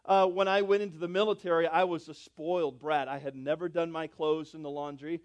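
A man with a notably high voice preaches to his congregation, surging into loud, stretched-out words and then dropping to soft, low asides. He keeps calling on his listeners with questions and asks them to say lines with him. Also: fairly even intonation, brisk. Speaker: pastor. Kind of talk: sermon.

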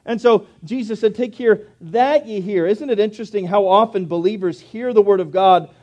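High-voiced preacher delivering a sermon. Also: male voice, normal speed, darkish tone, muffled recording. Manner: earnest preaching with rising emphasis and quoted scripture.

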